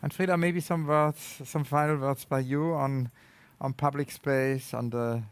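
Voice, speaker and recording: A man's voice: medium pitch, fairly even intonation, unhurried, smooth, no echo. A man moderating a public panel discussion, inquisitive, putting questions to the speakers. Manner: inquisitive, hands over questions. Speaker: moderator, host. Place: public talk event.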